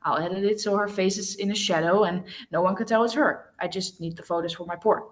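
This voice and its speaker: A woman's voice: mid-range voice, brisk, close to an everyday voice. A woman voicing a nervous, easygoing young male photographer who talks in a laid-back, apologetic way.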